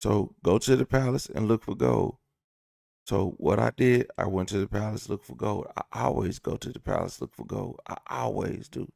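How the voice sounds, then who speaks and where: A man with a deep, heavily gravelly voice, recorded dry and close with no room sound. He rambles through a casual storytime rant, swearing and joking as he acts out little bits of dialogue. His delivery is loose and conversational. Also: normal speed, darkish tone, dry recording. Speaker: vlogger.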